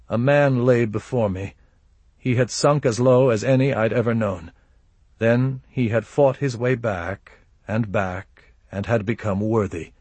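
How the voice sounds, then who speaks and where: A man reading a first-person audiobook in a measured, grave manner. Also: fairly low pitch, darkish tone, husky, no room sound. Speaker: audiobook narrator.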